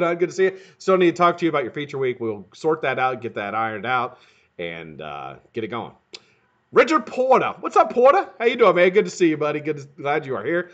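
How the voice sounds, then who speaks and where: A man hosting a live stream in casual chat, greeting viewers by name and swearing freely, his voice sounding a bit hoarse. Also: a little high, bright, forceful tone, lo-fi sound. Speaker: livestream host.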